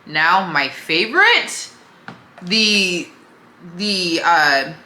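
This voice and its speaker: A woman's voice: lowish voice, animated, extremely slow, sharp tone, reverberant. A young woman vlogger chatting casually while doing her makeup, easygoing and talkative. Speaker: beauty vlogger. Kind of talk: casual makeup tutorial chat.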